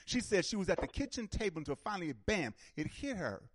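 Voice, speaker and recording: A male call-in show host with a voice pitched somewhat high and a lively, wide-ranging delivery. He leans hard into his points, restarting and repeating words as he presses on. The sound is dry and close. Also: quick pace, husky, no echo. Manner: emphatic, animated, repeats words when worked up. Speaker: radio talk show host. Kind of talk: call-in radio discussion.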